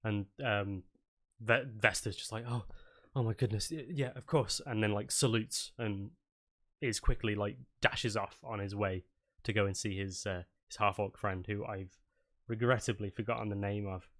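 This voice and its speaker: A man's voice: fairly low pitch, fairly even intonation, normal speed, sharp tone. A man narrating as game master, rambling with lots of fillers and restarts.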